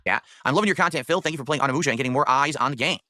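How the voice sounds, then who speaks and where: A man's voice: medium pitch, pushed and bright. A man streaming live, reading out viewer messages and tips and answering chat in a casual, dryly sarcastic way. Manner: fast, chatty, dryly sarcastic.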